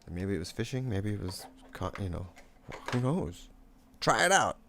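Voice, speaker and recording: Man, young adult, low voice, gravelly, laid-back rambling chat, frequent cursing, painting on a live stream, faint room hum. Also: big pitch swings, normal speed, a bit bright. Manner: laid-back, swears often, laughs a lot, many fillers.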